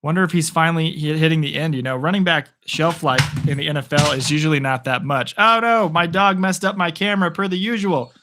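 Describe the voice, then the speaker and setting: Man, slightly high voice, casual home play-by-play streamer who chats freely with viewers. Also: fairly quick, hardly any pauses, bright, forceful tone. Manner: chatty, rambling, talks to viewers. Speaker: streamer giving live play-by-play. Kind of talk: casual live play-by-play and chat. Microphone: phone propped on a picture frame.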